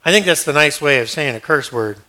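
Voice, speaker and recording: Bright-voiced joking preacher, male. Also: a little high, animated, fairly quick, slight background noise. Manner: conversational and joking, acts out scenes. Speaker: pastor. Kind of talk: sermon.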